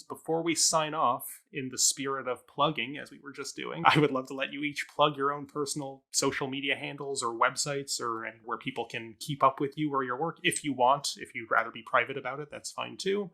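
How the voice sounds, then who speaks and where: A man hosting a casual theatre talk show, wrapping up with relaxed, joking banter. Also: mid-range voice, vocal fry. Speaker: host. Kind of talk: casual podcast interview.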